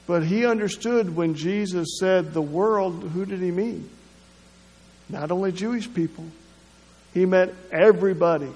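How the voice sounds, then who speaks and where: A man preaching a sermon, halting, with many restarts and repeated words. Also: high-pitched. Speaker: pastor. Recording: long hall reverb.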